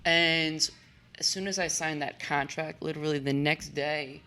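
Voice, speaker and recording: A woman, a boxer and coach, talking as a guest in a relaxed interview, rambling with fillers and restarts. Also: low voice, measured pace. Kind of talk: casual conversational interview.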